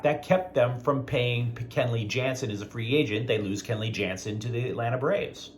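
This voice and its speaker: A man's voice: mid-range voice, slight background noise. A man hosting a sports talk show, giving outspoken, opinionated commentary straight to his viewers.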